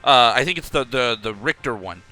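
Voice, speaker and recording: A young man coaching a player over a call in a casual, animated way, often acting out his own thoughts aloud. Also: mid-range voice, a little fast, no room sound, soft background music.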